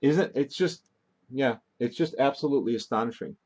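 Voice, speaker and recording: A man's voice: mid-range voice, brisk, darkish tone. A man hosting a call-in talk show, rambling and getting worked up, with many restarts.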